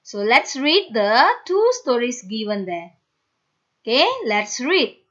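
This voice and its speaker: The recording is dull and lo-fi, capturing a woman whose voice is a little high and a bit bright, with big pitch swings and an unhurried pace. She guides children through phonics by sounding out letters one by one, repeating every word and praising them.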